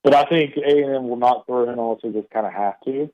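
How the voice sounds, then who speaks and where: A man's voice: mid-range voice, fast talker. Man with an East Texas drawl on a phone line. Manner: loose, filler-heavy talk with many restarts. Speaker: baseball analyst guest. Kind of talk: radio interview commentary. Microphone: phone call into studio.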